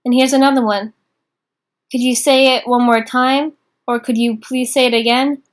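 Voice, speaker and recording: A young woman teaching a casual beginner class in an informal, chatty way, slowing down to repeat phrases. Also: on the high side, fairly even intonation. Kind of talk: casual online lesson.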